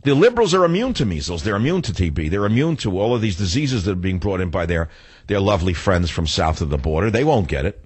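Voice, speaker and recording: A man's voice: deep voice, expressive, quick pace, darkish tone, husky, dry recording. An older man hosting a talk radio show, delivering a rambling, sarcastic monologue with frequent restarts and self-corrections.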